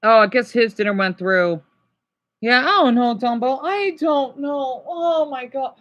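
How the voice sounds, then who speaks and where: A man's voice: very high-pitched, a little slow, a bit bright, highs cut off. A man ranting at his livestream chat, agitated and exasperated, scolding and sighing with tiredness.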